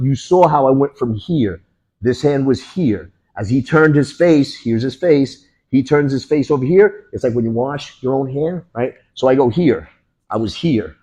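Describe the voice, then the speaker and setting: A man teaching a martial arts class, walking students through moves and punctuating each strike with sounds like boom and bang. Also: mellow, breathy edge, poor audio. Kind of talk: hands-on demonstration to a class.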